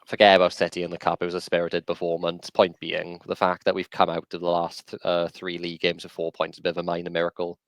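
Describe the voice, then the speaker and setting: A man's voice: low voice, monotone, fast, few pauses, no room sound. A man co-hosting a casual podcast over a video call, rambling and opinionated with frequent restarts. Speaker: podcast co-host.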